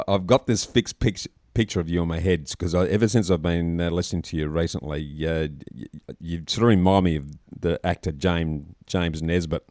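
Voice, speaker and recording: Host: very deep-voiced man from Australia, matey and chatty, dry close sound. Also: fairly even intonation, moderate pace, a little mellow, dry recording. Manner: matey, says "mate" often. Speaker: podcast host. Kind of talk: casual interview chat.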